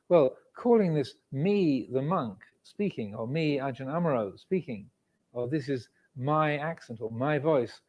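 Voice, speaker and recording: A man, a Buddhist monk giving a measured, reflective dharma talk with frequent pauses. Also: mid-range voice, darkish tone. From England. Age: 60s. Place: indoor meditation hall with cameras and air conditioning.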